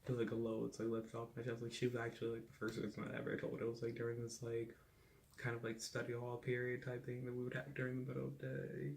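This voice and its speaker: Brief: young guy, gravelly and flat, candid rambling storytime with faint room noise. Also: medium pitch, quick pace. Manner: rambling, heavy on "like" fillers, candid and profane. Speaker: vlogger. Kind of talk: casual storytime.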